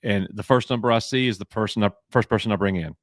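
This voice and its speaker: A man's voice: fairly low pitch, quick pace, dry recording, studio quality. A man from Alabama with a Southern accent, hosting a casual live stream, joking and bantering as he reads names from chat.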